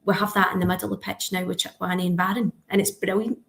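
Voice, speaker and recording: A woman's voice: mid-range voice, level tone, quick pace, gravelly, a bit bright. A woman co-hosting a football podcast, chatty and fond of tag questions. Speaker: podcast co-host. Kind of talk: casual football podcast chat.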